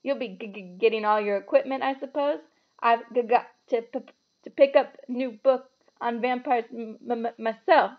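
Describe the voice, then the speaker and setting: A man's voice: extremely high pitch, fairly even intonation, normal speed, dull audio. A woman reading aloud and voicing a pale, nervous young male teacher who stammers heavily and sounds timid. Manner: heavy stammer, jittery and timid.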